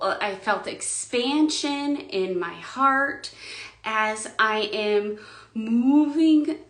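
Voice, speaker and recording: A woman delivers a spiritual coaching monologue in an unhurried, deliberate way. She leans hard on key words, then drops to a near whisper. Her fairly high voice rings in an echoey room. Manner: slow and emphatic, dropping often to a hushed whisper.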